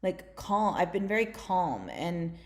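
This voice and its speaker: A woman's voice: on the low side, sing-song. A woman in her thirties from the United States, telling stories in a casual podcast talk, full of fillers. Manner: fast, filler-heavy storytelling with many "like"s. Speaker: guest. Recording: roomy echo.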